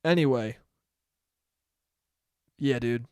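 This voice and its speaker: A man's voice: medium pitch, very slow, a little mellow, smooth, no room sound, clean studio sound. A man from New York, hosting a solo podcast in a rambling, profane and self-mocking way. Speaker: podcast host. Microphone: podcast mic.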